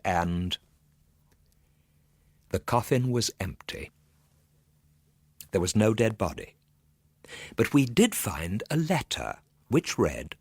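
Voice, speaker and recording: Deep, husky male storyteller. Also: no room sound. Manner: tense, swinging from low murmurs to urgent bursts. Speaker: narrator. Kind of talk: dramatic storytelling narration.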